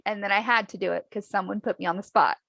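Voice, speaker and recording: A woman chatting casually about her own life, acting out the people in her stories with lively voices. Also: medium pitch, fast talker, vocal fry, no room sound. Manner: animated, acts out dialogue in lively voices. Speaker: podcast host, guest. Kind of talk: casual storytelling chat.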